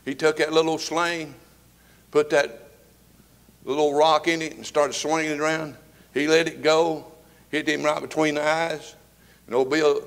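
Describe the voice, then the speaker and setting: A man's voice: on the high side, creaky, a bit bright. Older man, seventies, church pastor, fervent sermon, rises and falls in volume. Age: 70s. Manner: fervent preaching with rising and falling volume. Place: church sanctuary with congregation.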